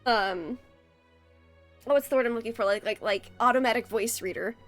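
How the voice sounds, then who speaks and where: A woman player chatting quickly and giggling during a tabletop game. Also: on the high side, a bit bright, faint music behind. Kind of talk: casual tabletop game chat.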